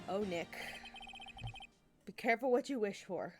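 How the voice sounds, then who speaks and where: A woman voicing an excitable, cheerful teenage girl while reading game dialogue aloud, over game music. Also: medium pitch, measured pace, close to an everyday voice. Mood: reassuring. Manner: bubbly, squealing when excited.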